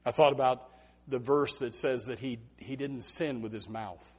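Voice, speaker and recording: A man preaching a Baptist sermon, swinging from loud emphatic bursts to hushed asides. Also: mid-range voice, moderate pace, slightly rough.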